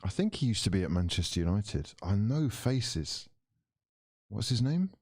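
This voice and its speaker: A man's voice: on the low side, normal speed, dry recording, studio quality. Man streaming football commentary. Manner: mock commentator patter mixed with loud excited outbursts. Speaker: watchalong streamer. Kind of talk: live football watchalong commentary.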